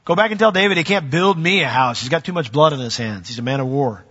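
A man's voice: expressive, quick pace, breathy edge, in a large hall, highs cut off. A man voicing a firm divine figure who gives a prophet stern instructions. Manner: firm, then soft and low. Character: firm commanding divine voice, male.

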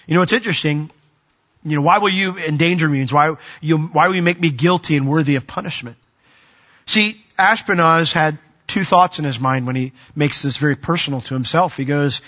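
Male preacher, bright, husky, earnest conversational sermon, dull lo-fi sound. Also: on the high side.

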